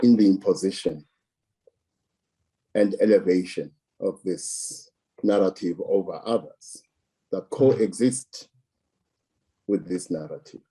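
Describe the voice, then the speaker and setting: A man from South Africa speaks slowly and deliberately, leaning on repeated words to drive his points home. His voice is deep and dark, with a husky edge. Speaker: political commentator. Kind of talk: measured political commentary.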